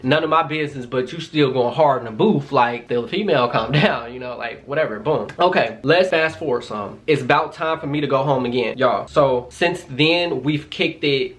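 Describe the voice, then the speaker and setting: A man's voice: mid-range voice, a bit bright. Chatty young man telling a story. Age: young adult. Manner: chatty, loose, quotes people in dialogue, frequent "like" and "y'all". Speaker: vlogger. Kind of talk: casual storytime.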